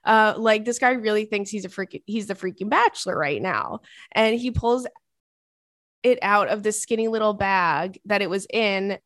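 A woman podcast host reading a listener's email aloud in casual chat, expressive and dramatic with exasperated asides. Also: mid-range voice, moderate pace, no echo, studio quality.

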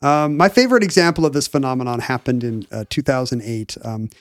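A man's voice: mid-range voice, a little fast, dry recording, studio quality. A middle-aged man chatting casually as a podcast co-host, rambling and joking as he goes. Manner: rambling, self-interrupting, joking. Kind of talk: casual chat.

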